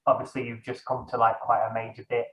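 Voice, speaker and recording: A young man who works as a dungeon master chats casually as an interview guest, talking fast in a medium-pitched monotone. He rambles, corrects himself, and fills the gaps with lots of ums. The room sounds echoey and dull, with a lo-fi quality.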